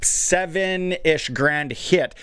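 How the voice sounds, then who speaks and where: A man on a sports radio show, telling a long story in an animated, rambling way with lots of restarts. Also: a little high, drawn-out words, clean tone, dry recording. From Canada. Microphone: studio microphone.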